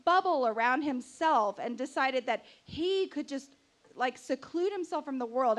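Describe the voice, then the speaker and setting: A woman telling a personal story live on stage as a show host, chatty and animated, acting out her own outbursts. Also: sits high, a little slow. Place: stage before a live audience.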